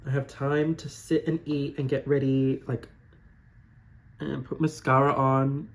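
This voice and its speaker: A man's voice: medium pitch, flat delivery, measured pace. A man in drag talking casually and playfully through a makeup tutorial, filmed on a phone camera at home. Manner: playful, giggly and self-mocking. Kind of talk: casual chatty vlog narration.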